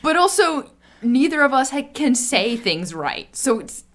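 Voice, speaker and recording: A woman co-hosting a podcast, chatty and animated, filling her talk with "like". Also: high voice, unhurried, crowd noise. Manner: animated, chatty, uses lots of "like". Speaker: podcast co-host. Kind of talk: casual chat.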